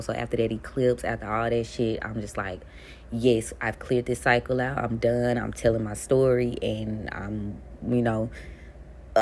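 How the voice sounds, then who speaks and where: A woman's voice: rumbling low, creaky, a little hiss or hum. A woman in her thirties telling her story in a casual monologue, blunt and profane, laughing between lines. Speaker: spiritual content creator.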